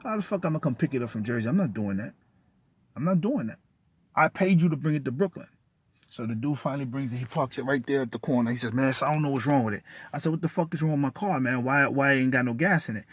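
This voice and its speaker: A man's voice: medium pitch, fast, fairly bright tone, breathy edge. A man telling a story in an agitated, profane rant, cursing and repeating himself. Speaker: vlogger.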